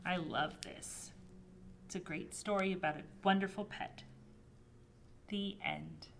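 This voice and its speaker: A woman librarian reading a picture book aloud to preschoolers, with expressive, swooping emphasis. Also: on the low side, takes it slowly, vocal fry, a little hiss or hum. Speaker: children's librarian.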